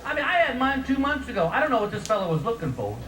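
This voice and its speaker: Animated man telling a comedy story. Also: very high voice, quick pace. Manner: animated storytelling, acting out voices. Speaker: stand-up comedian. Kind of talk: stand-up comedy routine. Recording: distant echoey recording with loud background noise.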